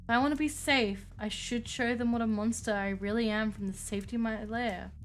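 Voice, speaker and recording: A woman's voice: fairly high pitch, fairly quick, slight background noise, natural voice. A woman voicing a haughty ancient vampire recluse. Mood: defensive. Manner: haughty and archaic, calmly menacing. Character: lonely ancient female vampire hermit, morbid.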